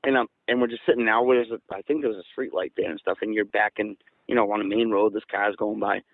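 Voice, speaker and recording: A man from southeastern Massachusetts, a guest on an interview show, telling a story in a casual, excited way that turns louder and higher when he quotes people. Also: fast talker, no echo, rough recording. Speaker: guest recounting an encounter.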